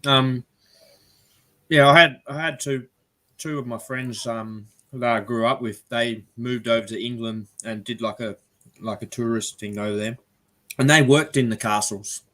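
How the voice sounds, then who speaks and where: A man's voice: medium pitch, unhurried. An Australian man hosting a casual live-stream chat, talking loosely and laughing often. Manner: chatty, laughs often, animated impressions. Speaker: live show host.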